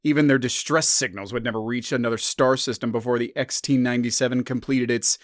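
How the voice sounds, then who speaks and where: A man's voice: mid-range voice, fairly even intonation, brisk, no echo, clean studio sound. Male narrator reading sci-fi story.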